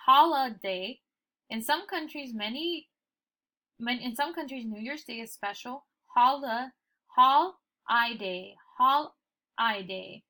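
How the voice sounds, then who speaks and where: A young woman teacher giving a recorded phonics lesson, slowly sounding out word parts for her students. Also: a little high, bright, forceful tone.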